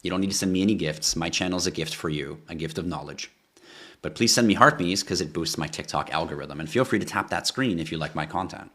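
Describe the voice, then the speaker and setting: A man's voice: low-pitched, quick pace, fairly bright tone. Passionate, swearing crypto livestream man. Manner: passionate, swears freely, ranting; rhetorical questions, pleading with viewers. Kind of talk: casual livestream talk.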